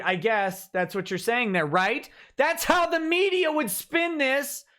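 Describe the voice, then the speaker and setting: A woman's voice: sits high, unhurried, few pauses, a bit bright. A woman hosting a livestream, giving sarcastic, ranting commentary while reading text aloud with asides. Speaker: host.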